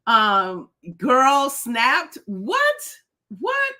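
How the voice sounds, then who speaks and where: A woman's voice: high voice, huge pitch swings, extremely slow, sharp tone. A middle-aged woman hosting a casual live stream, chatty and laughing often as she greets viewers by name. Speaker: host.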